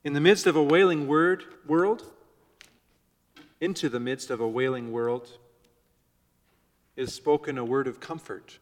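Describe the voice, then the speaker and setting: A man preaching a sermon to his congregation, measured and shifting between soft, gentle phrases and loud emphasis. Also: fairly high pitch, big-room sound. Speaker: pastor. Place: church before a congregation.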